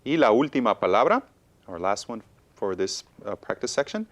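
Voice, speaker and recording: A man's voice: on the low side, very animated, normal speed. A man co-hosting a bilingual Spanish lesson for college television, patiently walking through the rules and checking in with "okay?". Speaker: Spanish teacher, co-host.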